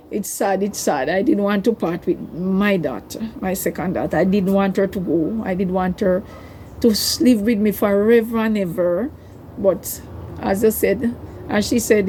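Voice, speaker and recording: A woman's voice: medium pitch, warm tone, slight background noise. An older woman, telling a personal story to her vlog viewers in a rambling, emotional way. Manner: emotional, rambling, tearful at times. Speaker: vlogger.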